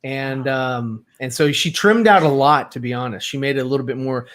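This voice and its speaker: A man's voice: mid-range voice, moderate pace, a bit bright. A man co-hosting a casual movie podcast, rambling and hesitant, filling gaps with uh's. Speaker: podcast co-host.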